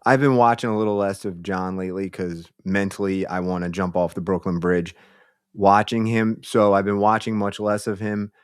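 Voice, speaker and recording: A man's voice: deep voice, little pitch movement, normal speed, clear, resonant tone, no echo, studio quality. A man hosting a commentary show, mocking clips in a crude, insulting, blunt way.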